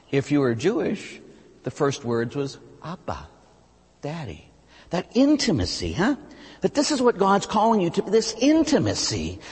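A man with an American accent, a priest preaching a sermon, his voice swinging from high emphatic peaks to low, quiet asides. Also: moderate pace, husky. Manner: animated, rises high on emphatic phrases then drops low and quiet. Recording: long hall reverb.

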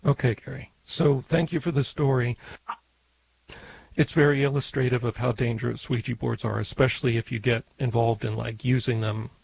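A man on a radio call-in show answering a caller in a measured, explanatory way. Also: mid-range voice, fairly even intonation, creaky, a little mellow, a little hiss or hum, low-quality recording.

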